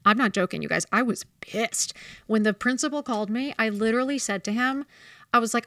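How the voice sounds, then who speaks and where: A woman's voice: fairly high pitch, fast talker, pushed and bright, no echo, studio quality. Blunt, fiery woman in her fifties. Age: 50s. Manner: blunt, profane and heated in retelling. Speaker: podcast host. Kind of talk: candid storytelling chat.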